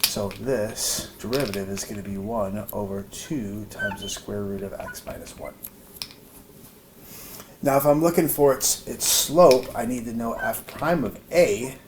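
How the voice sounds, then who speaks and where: A man's voice: on the low side, measured pace. A man giving an informal math lesson, thinking aloud with many fillers and restarts. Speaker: math teacher. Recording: noisy room recording.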